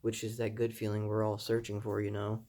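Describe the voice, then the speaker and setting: A young man telling his own story in a casual, rambling way, full of fillers and "I was like" asides, with an earnest tone and a soft laugh at himself now and then. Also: lowish voice, monotone, fairly quick. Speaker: vlogger sharing his recovery story.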